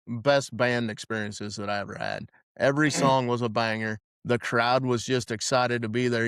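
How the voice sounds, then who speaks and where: A man's voice: medium pitch, a bit bright, smooth, no room sound, studio quality. A man hosting a podcast, telling rowdy concert stories in a rambling, profane way with many restarts. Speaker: podcast host. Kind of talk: casual storytelling chat.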